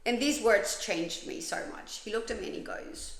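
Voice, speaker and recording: A woman's voice: medium pitch, normal speed, gravelly, few pauses, a bit bright, a little hiss or hum. A woman from Colombia hosting a podcast, telling her own story in a candid, blunt way and swearing freely. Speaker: podcast host. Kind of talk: confessional personal monologue. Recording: echoey room.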